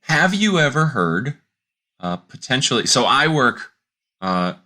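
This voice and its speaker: A man co-hosting a casual podcast, telling a long joke and slipping into quick voices for its characters. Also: mid-range voice. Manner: animated storyteller doing quick character voices. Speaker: podcast co-host.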